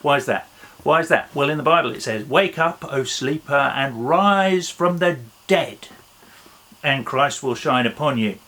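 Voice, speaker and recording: A man's voice: mid-range voice, expressive, a little slow, bright, forceful tone. A man presenting a playful children's talk in an online church service, upbeat and joking as he banters with a silent puppet. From England.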